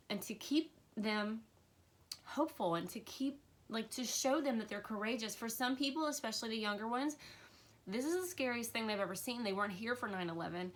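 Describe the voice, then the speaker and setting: A woman with a cold hosting a casual spiritual livestream, earnest and emotional, with fillers and soft laughs. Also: a little high. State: has a cold, occasional cough. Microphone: livestream camera mic.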